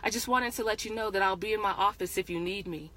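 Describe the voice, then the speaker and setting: A woman's voice: mid-range voice, fast talker, a bit bright, lightly acted, poor audio. A woman reading as a caring, concerned husband. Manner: concerned, casual. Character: caring husband checking on his wife.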